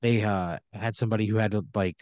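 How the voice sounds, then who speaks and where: A man's voice: on the low side, steady tone, fast talker, darkish tone, no echo. A man narrating an improvised role-play scenario in a rambling, filler-heavy way.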